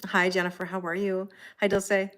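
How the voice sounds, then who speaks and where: A middle-aged woman reading tarot on a livestream, chatting casually, greeting viewers by name and filling pauses with ums and soft laughs. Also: mid-range voice, flat delivery. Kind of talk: live-stream casual chat.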